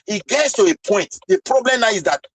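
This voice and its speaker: A man's voice: high-pitched, lively intonation, a little fast, vocal fry, no echo, poor audio. A man in a casual discussion, arguing passionately and firing off rhetorical questions.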